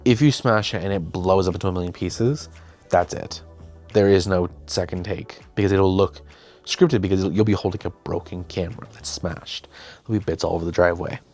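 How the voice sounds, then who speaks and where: Low-voiced young man telling a story. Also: fairly quick, a little mellow, faint music behind. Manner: chatty, self-deprecating, quotes himself and others. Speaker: host. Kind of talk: casual storytelling.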